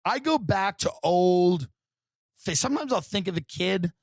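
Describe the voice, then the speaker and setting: A man's voice: high voice, animated, a little slow, dry recording, clean studio sound. A man from Long Island telling rambling, sardonic stories as a comedian podcast host. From Long Island, New York. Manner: rambling, sardonic, jumps between voices. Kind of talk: casual storytelling.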